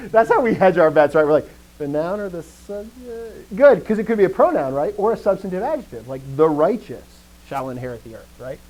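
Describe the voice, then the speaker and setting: A man's voice: a little high, brisk, rough recording. A man teaching a live grammar lesson, asking the class questions and restarting his sentences as he thinks. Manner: lively, asks questions and answers himself.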